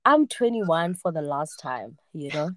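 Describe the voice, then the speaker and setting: A woman's voice: sits low, sing-song, a little slow, dry recording, clean studio sound. A woman in her late twenties, hosting a podcast and telling a personal story in casual chat, acting out the voices she quotes. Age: 20s. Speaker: podcast host.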